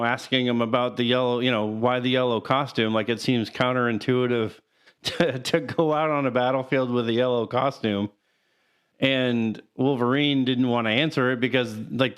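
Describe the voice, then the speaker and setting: A man's voice: mid-range voice, clean tone. Rambling man recounting movie scenes. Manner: rambling, filler-heavy recounting with laughs. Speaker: podcast co-host. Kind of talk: casual chat.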